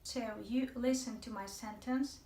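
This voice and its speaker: A woman's voice: fairly high pitch, fairly even intonation, unhurried, mellow, recorded from a distance. A woman teaching an English video lesson, chatty and playful, speaking straight to her viewers. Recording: echoey room, voice from off the mic.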